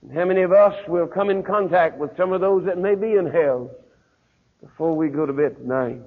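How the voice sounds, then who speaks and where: A man preaching a revival sermon as a pastor, telling stories and swinging from hollered peaks down to hushed, low lines. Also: fairly quick, slightly rough, long reverb tail. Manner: storytelling preacher, swelling to hollered climaxes then dropping low. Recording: tinny phone-like sermon recording.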